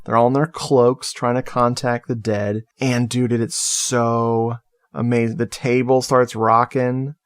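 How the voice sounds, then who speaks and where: A man's voice: medium pitch, level tone, unhurried, clean tone, no room sound. A man co-hosting a podcast, recapping a horror film in casual chat and laughing at his own jokes. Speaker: podcast co-host.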